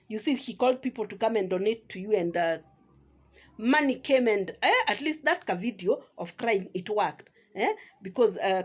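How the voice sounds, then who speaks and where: A woman's voice: medium pitch, darkish tone, slightly rough. A woman vlogger with a Kenyan accent ranting at her rivals in a scolding, sarcastic tone. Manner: scolding, sarcastic, keeps asking "eh?". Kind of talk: ranting commentary.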